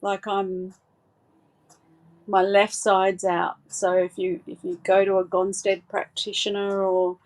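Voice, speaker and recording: A woman giving a live psychic reading, gentle and reassuring, with frequent hesitant fillers and restarts. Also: medium pitch, completely flat delivery, slow pace.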